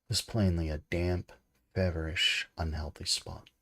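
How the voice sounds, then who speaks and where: A man reading a classic adventure novel aloud as an amateur, in a steady way with occasional slips and restarts. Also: low-pitched, moderate pace. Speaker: audiobook reader. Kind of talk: amateur storybook read-aloud.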